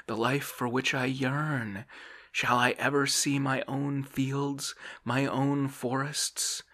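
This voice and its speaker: A man voicing a dreamy, idle Russian gentleman in a whispered role-play, sighing and plaintive. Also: medium pitch, breathy edge, pitched above the performer's own voice, heavily acted.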